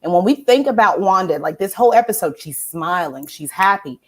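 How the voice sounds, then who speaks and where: A woman with a somewhat low voice co-hosts a casual pop culture chat. She reads out viewer questions and talks animatedly, with many restarts, and keeps checking in with "right?". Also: animated, fairly quick. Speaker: co-host.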